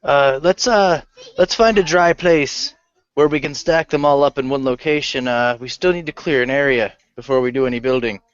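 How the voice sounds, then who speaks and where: A man playing a tabletop game, speaking calmly with some hesitation. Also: mid-range voice, normal speed, clear, resonant tone, no echo, dull audio. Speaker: player. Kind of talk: casual tabletop game play.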